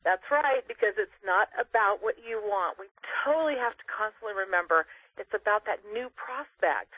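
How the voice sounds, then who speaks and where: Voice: mid-range voice, expressive, moderate pace, husky, no room sound. A sales trainer coaching people on a conference call, stressing and repeating key phrases. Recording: tinny phone line.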